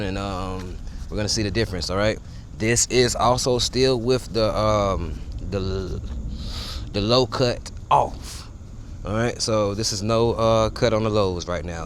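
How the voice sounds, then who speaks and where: A man's voice: lowish voice, slight background noise. A man running a casual microphone sound test outdoors, talking loosely and rambling to viewers on a wireless clip-on mic. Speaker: gear reviewer. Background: faint ambience with people around.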